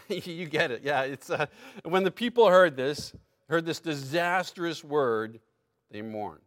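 A man preaching a sermon, reading scripture aloud with lively emphasis and breaking into asides and small laughs. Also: fairly high pitch, slow.

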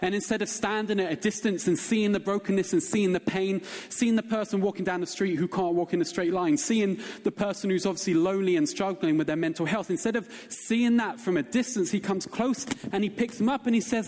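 Earnest preacher in echoing hall. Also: male voice, high voice, steady tone, brisk, few pauses, darkish tone. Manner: earnest, repetitive, emphatic preaching. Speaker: pastor. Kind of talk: sermon. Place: church hall. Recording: reverberant church hall.

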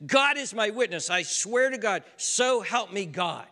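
A man voicing a frightened male disciple who swears a desperate oath, loud and pleading. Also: high-pitched, expressive, measured pace, pitched above the performer's own voice, exaggerated voice. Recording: reverberant hall.

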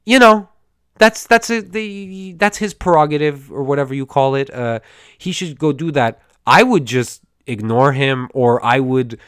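A man's voice: mid-range voice, unhurried, fairly bright tone, clean tone, dry recording, clean studio sound. A man hosting a podcast, recapping a movie in a rambling, digressive way, stammering and acting out the characters' lines, his throat a bit scratchy. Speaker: podcast host.

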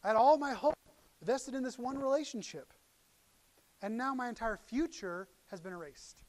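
A middle-aged male pastor preaching a sermon, telling stories animatedly and swinging from loud outbursts to hushed asides. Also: very high-pitched, normal speed.

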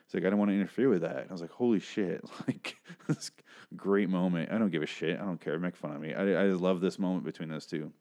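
A man's voice: deep voice, fairly even intonation, fast talker, a little mellow. A man hosting a casual TV episode recap, talking in a rambling, chatty way with casual swearing. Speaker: show recap host.

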